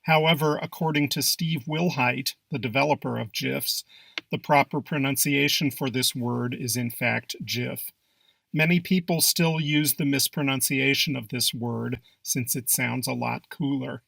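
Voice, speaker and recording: A man reading scripted narration for an English pronunciation lesson, with an even, measured delivery. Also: mid-range voice, gravelly, dry recording.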